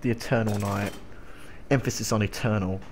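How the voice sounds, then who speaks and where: A man's voice: on the low side, fairly even intonation, normal speed, a little mellow, a little hiss or hum. A young man streaming a game, rambling and joking casually with a voice that sounds strained. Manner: rambling, joking, coughing between lines.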